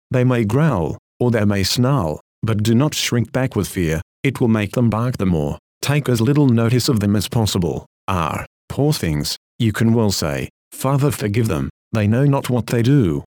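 A man reading a sermon aloud in an earnest, measured manner of exhortation. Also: mid-range voice, a little mellow, no echo, studio quality. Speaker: preacher.

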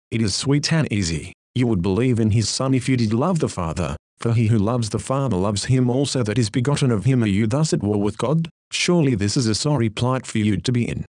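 A man preaches a sermon in a solemn, pleading way, pressing his listeners with question after question. His voice sits at an ordinary male pitch. The recording is close and dry. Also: a little mellow, no room sound.

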